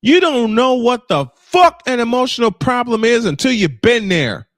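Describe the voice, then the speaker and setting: A man's voice: very high-pitched, animated, moderate pace, fairly bright tone, no echo, clean studio sound. A man in his fifties venting in an emotional personal monologue, angry and frustrated, swearing and repeating himself for emphasis. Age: 50s. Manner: angry, frustrated, profane outbursts; emphatic repetition. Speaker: livestream host. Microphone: camera off, voice only.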